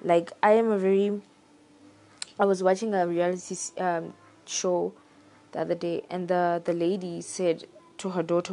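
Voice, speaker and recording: A young woman talking in a casual, reflective monologue, thoughtful and pausing to search for her words. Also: on the low side, steady tone, darkish tone.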